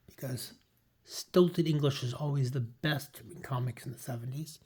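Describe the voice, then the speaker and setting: A man's voice: medium pitch, steady tone, a little slow, mellow, slightly rough. A man casually reading through an old comic, summarizing panels and praising the art with many fillers. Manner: rambling, full of fillers. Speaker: comic book reviewer.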